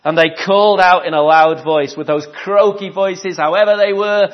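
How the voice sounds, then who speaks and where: A man with a fairly high voice preaches to his congregation in a relaxed, conversational way. He asks the room questions, then repeats his key phrases for weight. The recording sounds dull and lo-fi. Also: moderate pace, hardly any pauses. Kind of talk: sermon.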